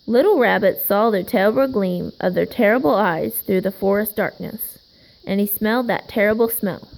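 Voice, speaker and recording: A woman reads a children's picture book aloud in a slow, gentle way. Her voice has a gravelly fry to it, and she gives the characters a little life as she goes. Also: medium pitch, low-quality recording. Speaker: storybook reader.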